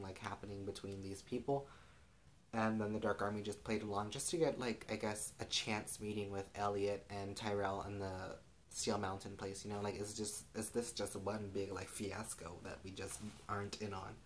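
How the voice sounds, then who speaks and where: Brief: young male vlogger, lowish voice, sassy and gossipy, filler-heavy chatter, faint background hiss. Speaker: TV recap vlogger. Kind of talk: casual recap chat.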